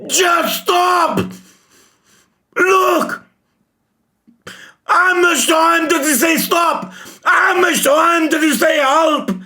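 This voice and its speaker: A man reacting live to a manga chapter, emotional and shouting, swearing often. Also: very high-pitched, fairly even intonation, very slow, long pauses. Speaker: reaction streamer.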